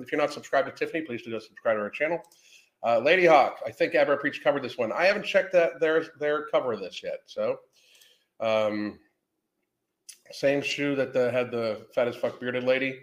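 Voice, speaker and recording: A man hosting a live podcast, rambling casually, swearing often and greeting chat viewers by name. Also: medium pitch. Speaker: podcast host. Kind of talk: casual livestream commentary.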